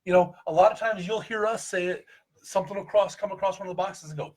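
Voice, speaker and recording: A man with a Midwestern American accent talks in a high, husky voice. His delivery is folksy and joking, the easy style of a co-host in a casual group chat about paranormal investigation. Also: fast talker, a little mellow. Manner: joking, folksy advice-giving.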